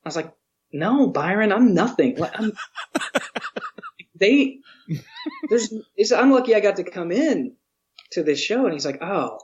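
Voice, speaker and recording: Man, highish voice, chatty guest who acts out quotes; slightly muffled audio. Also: unhurried, long pauses. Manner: animated storyteller, acts out quotes, laughs often. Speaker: interview guest, museum educator. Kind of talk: casual storytelling interview.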